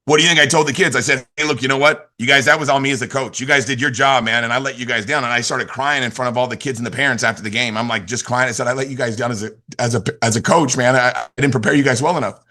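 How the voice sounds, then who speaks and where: A middle-aged man leading a motivational team call, energetic and repetitive, asking questions and answering them himself. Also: medium pitch, fast talker, few pauses. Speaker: team leader and youth football coach.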